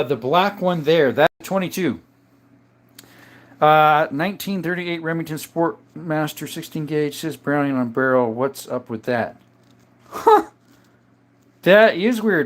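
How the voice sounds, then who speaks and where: A man hosting a live stream in a casual chat style, reading out viewer comments and answering them in a relaxed, easygoing way. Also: fairly high pitch. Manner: relaxed, with frequent uh and um.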